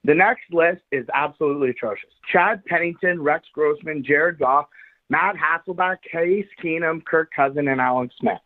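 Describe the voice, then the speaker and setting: A man's voice: a little high, moderate pace. Needling man on a tinny line. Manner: needling, argumentative. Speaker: podcast co-host. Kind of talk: sports debate chat.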